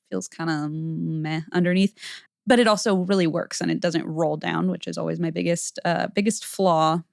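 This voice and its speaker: A woman's voice: lowish voice, vocal fry, dry recording, clean studio sound. A woman co-hosting a casual podcast, chatting playfully, laughing often and reading ads. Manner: playful, laughs often, sing-song impressions. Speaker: podcast co-host. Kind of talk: casual chat and ad reads.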